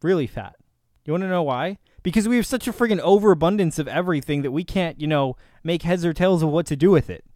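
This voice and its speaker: A man's voice: a little high, lively intonation, quick pace, no echo. Sarcastic ranting man, dry close sound. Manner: sarcastic, combative, swings from loud to muttered. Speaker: reaction video host. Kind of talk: ranting reaction commentary.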